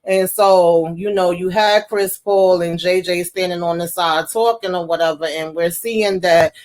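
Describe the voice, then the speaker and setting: A woman's voice: lowish voice, a little slow. Chatty woman recapping a TV episode. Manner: chatty, slangy, mild cursing, animated storytelling. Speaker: TV recap vlogger.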